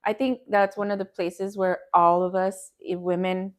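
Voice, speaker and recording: A woman's voice: mid-range voice, little pitch movement, moderate pace. A woman talking earnestly in a casual conversation, often breaking into laughter. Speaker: guest. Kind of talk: casual chat.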